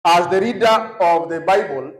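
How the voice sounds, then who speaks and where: A man with a Kenyan accent and a fairly high voice teaches a youth session in a large, echoey conference hall, speaking at normal speed. He mixes Swahili phrases into his English and often prompts the audience to finish his sentences. The audio is reverberant and poor.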